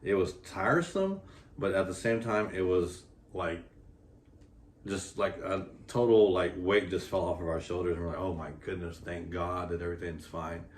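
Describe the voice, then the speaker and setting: An expecting father vlogs with his partner about their pregnancy, rambling in a heartfelt way full of fillers. His voice sits low at normal speed and comes from off the mic, in an echoey room with faint room noise.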